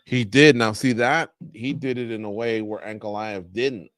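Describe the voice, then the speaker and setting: A man co-hosting a live fight watch-along, chatting casually and telling stories with lively acted-out quotes. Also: lowish voice, normal speed, dry recording, studio quality. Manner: animated storyteller, acts out quotes. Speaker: co-host.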